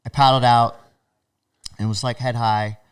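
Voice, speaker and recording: Animated man telling stories, smooth voice. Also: mid-range voice, unhurried. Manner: animated, laughing, acts out other people's lines. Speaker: podcast guest. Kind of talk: casual storytelling.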